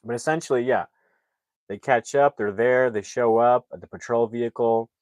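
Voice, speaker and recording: A man's voice: mid-range voice, moderate pace, a little mellow, dry recording. A man recapping a movie plot in a casual, rambling way, full of fillers and restarts. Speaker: movie reviewer.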